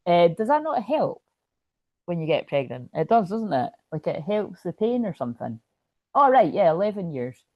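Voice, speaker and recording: A woman's voice: lowish voice, sing-song, normal speed, no echo, muffled recording. A woman hosting a spiritual astrology livestream, rambling and chatty as she reads viewer comments. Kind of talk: casual livestream chat.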